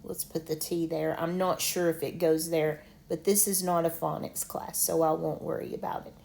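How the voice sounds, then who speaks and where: A woman teaching an online lesson, slowly sounding out medical words syllable by syllable. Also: low voice, level tone, vocal fry, darkish tone. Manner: slow, deliberate, sounds out syllables.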